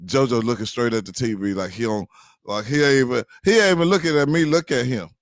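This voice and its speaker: A man casually telling a funny personal story to his viewers, animated, addressing them directly and often checking that they follow. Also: medium pitch, fast talker, no echo. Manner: animated, addresses listeners directly, many fillers.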